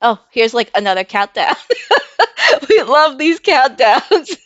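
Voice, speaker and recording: A woman from the United States chatting casually on a live stream, full of "like" and "um", breaking into excited squeals, laughs and swearing. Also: sits high, slow, dry recording, lo-fi sound. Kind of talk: casual live-stream chat and trailer reaction.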